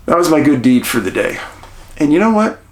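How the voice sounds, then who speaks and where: A middle-aged man, host of his channel, casually telling a story to the camera in a chatty, animated way, quoting the people he met. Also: on the high side, fairly quick. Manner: chatty, animated retelling with quoted dialogue. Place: rural home outdoors.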